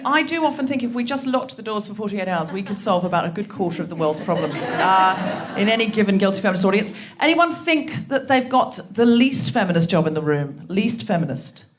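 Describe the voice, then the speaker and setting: A woman hosting a live comedy show, bantering with the audience and laughing as she teases them. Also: fairly high pitch. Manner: teasing, laughing, playful banter. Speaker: host. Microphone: handheld mic.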